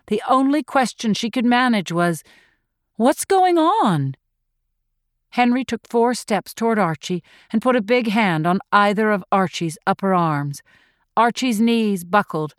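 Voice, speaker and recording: A woman reading thriller narration in a measured, tense storytelling voice. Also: mid-range voice, dry recording, clean studio sound. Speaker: audiobook narrator.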